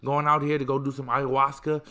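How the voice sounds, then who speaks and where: A man's voice: medium pitch, level tone, brisk, sharp tone, natural voice. A man voicing a famous male boxer who is tired of being bothered and speaks in a laid-back, irritated way. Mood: annoyed. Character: weary famous male boxer, annoyed then menacing.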